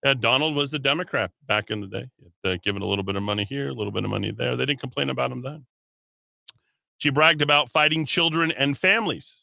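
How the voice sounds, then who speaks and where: Male talk radio host, sarcastic and mocking, sharp tense voice, dry close sound. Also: medium pitch, fast, creaky, dry recording. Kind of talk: opinionated political talk radio.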